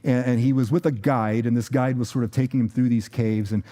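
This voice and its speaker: A man's voice: medium pitch, steady tone, brisk, dark tone. A man preaching a sermon as a pastor, telling a story in a loose, conversational way with fillers and repeated words. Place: church.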